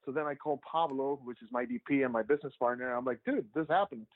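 A man's voice: mid-range voice, fast talker, no room sound. A man who makes documentaries, telling his story in a casual, rambling way full of "like" and restarts. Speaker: documentary filmmaker. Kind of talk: casual storytelling interview answers. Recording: tinny phone-like line, dry.

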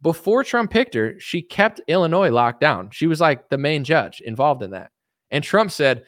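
A man's voice: a little high, very animated, moderate pace, fairly bright tone, no echo, clean studio sound. A man giving rambling, sarcastic political commentary in a solo vlog, full of "it's like" and mocking quotes.

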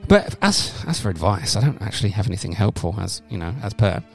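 A gravelly, low-voiced man rambles on deadpan as he co-hosts a comedy podcast, now and then bursting into a shout. Faint music sits quietly under his voice. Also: fast talker. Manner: rambling deadpan storytelling with loud shouted bits. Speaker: podcast co-host. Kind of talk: casual comedic podcast banter.

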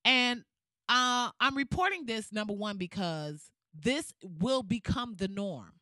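A woman's voice: mid-range voice, expressive, slow, bright, forceful tone, no room sound. A woman giving casual ranting commentary in a blunt, profane, fired-up way.

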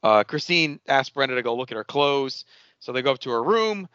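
A man's voice: mid-range voice, lively intonation, a little fast, fairly bright tone, dry recording, dull audio. A man hosting a podcast, casually recapping a TV episode and acting out the characters' lines with a loose, swearing humor. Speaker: podcast host.

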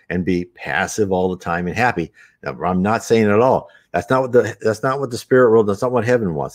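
Low-voiced guy rambling on about spirituality, earnest, lots of restarts. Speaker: spiritual talk host. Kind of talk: unscripted spiritual talk.

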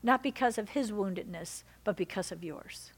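A woman pastor preaching a sermon, swinging between loud exhortation and soft, intimate lines. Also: mid-range voice, normal speed, slightly rough.

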